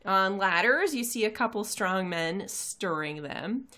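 A woman's voice: medium pitch, animated, a little slow, sharp tone. A woman running a tabletop game as game master, narrating descriptively and laughing easily.

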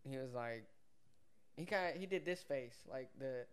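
A man's voice: medium pitch, moderate pace, smooth. A young man telling a work story in casual, profane chat as a podcast co-host. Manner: laid-back, swears casually, mimics customers.

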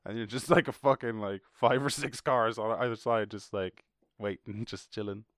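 A man's voice: fairly low pitch, fairly even intonation, normal speed, a bit bright, dry recording, clean studio sound. A man with an Irish accent hosting a podcast, chatting in a rambling, laughing way and swearing often. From Ireland. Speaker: podcast host. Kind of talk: casual chat.

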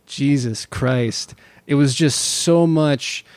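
A man talks casually on a podcast, swearing and joking in an exasperated rant. His voice sits at an ordinary pitch and sounds close and dry. The talk is loose and unscripted. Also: slow, a little mellow, clean tone, dry recording. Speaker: podcast co-host.

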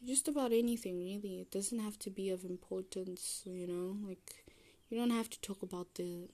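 At a normal speed and in a mid-range, mellow voice, a young woman carries her own podcast with casual rambling. She wanders from point to point, lets thoughts trail off, restarts, and corrects herself in a self-deprecating way.

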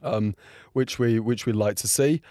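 A young man with a hoarse, strained voice, talking through a race in a casual, excitable and rambling way, full of fillers and restarts. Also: medium pitch, a little slow, slight background noise. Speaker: motorsport video creator. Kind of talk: casual reaction and race breakdown.

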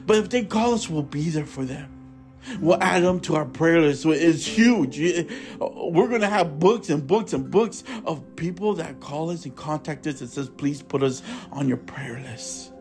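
Earnest high-voiced man preaching on a podcast. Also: animated, unhurried, darkish tone, faint music behind. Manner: earnest and fervent, repeats himself, calls listeners brothers and sisters. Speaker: podcast host. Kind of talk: informal religious podcast monologue.

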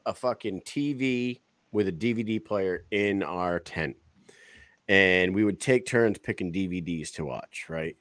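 A man's voice: low-pitched, dry recording. A man in his forties hosting a casual podcast, telling stories with plenty of swearing and laughter. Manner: profane, laughing storyteller. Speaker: podcast host.

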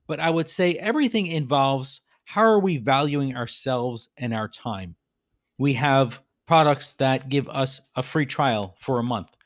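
A man hosts a reflective talk in an earnest, steady manner, leaning on repeated phrases to drive each point home. His voice sits at an ordinary middle pitch. The recording is dry and close, with no room sound. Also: dry recording. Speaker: podcast host.

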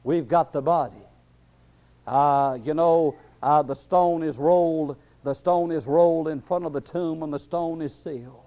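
Preacher guy in a sermon, fairly high voice, dull lo-fi sound. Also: fairly even intonation, moderate pace, few pauses. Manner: impassioned preaching with many fillers. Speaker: pastor. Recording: dull lo-fi recording.

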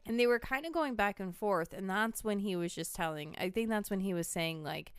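Young woman, film podcast co-host, chatty, smooth clear voice, dry close mic. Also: medium pitch, a little fast, no echo. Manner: chatty, quotes characters, adds corrections. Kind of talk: casual film review chat.

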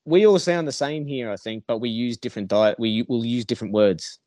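A man's voice: medium pitch, fairly quick, mellow, dry recording. An Australian man with a nasal voice, rambling in casual podcast chat with lots of swearing and restarts. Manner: rambling, profane, with many restarts. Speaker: podcast guest.

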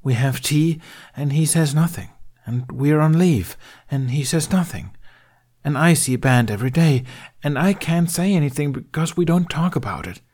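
A man's voice: medium pitch, lively intonation, normal speed, a little mellow, voice pushed up, natural voice. A man doing a resentful, hurting young male apprentice, voice lifted and strained, storybook reading. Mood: anguished. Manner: sulky, pleading, voice rising when upset.

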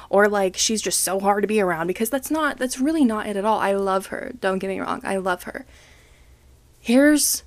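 A woman's voice: medium pitch, a little mellow, dry recording. A young woman hosting a casual solo podcast from home, talking frankly and self-deprecatingly, swearing and laughing as she vents. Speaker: podcast host. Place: home, other people coming and going.

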